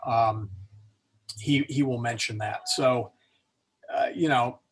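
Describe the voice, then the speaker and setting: A man's voice: mid-range voice, steady tone, takes it slowly, a little hiss or hum. A man teaching an online Latin pronunciation class, rambling and correcting himself as he goes, with small chuckles at his own slips.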